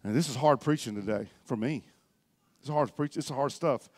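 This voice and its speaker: A middle-aged man preaching a sermon as pastor, swinging between loud exhortation and quiet reflection. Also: medium pitch, normal speed.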